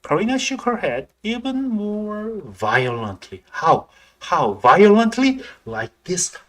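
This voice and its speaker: A man's voice: high-pitched, big pitch swings, slow, fairly bright tone. Playful man reading a visual novel aloud. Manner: playful, joking asides. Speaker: streamer. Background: background music.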